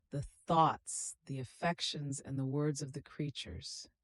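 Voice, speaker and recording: A woman reading a devotional meditation aloud in a slow, solemn, prayerful manner. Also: deep voice, no room sound. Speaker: devotional reader.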